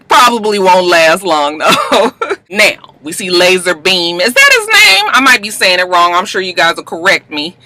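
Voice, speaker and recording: A woman's voice: lowish voice, very animated, measured pace, sharp tone. A woman recapping a TV episode in a casual, chatty, slangy way, laughing often.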